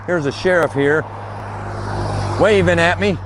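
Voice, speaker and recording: A man with a voice on the high side vlogs beside a street as vehicles pass, chatting casually while he walks. At a moderate pace with long pauses, he rambles and curses through a long grievance story, and there's a little hiss or hum.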